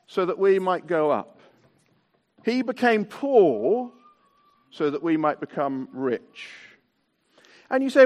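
A man preaching a Christmas sermon to a mixed-age congregation in a church hall, stretching out key words for emphasis. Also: high voice. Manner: animated, drawn-out emphasis on key words, leads the congregation in actions. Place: church hall with tiered seating.

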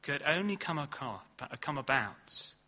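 A man preaching a sermon in earnest, leaning hard on key words and then dropping low and slow. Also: sing-song, sharp tone, husky. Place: church hall.

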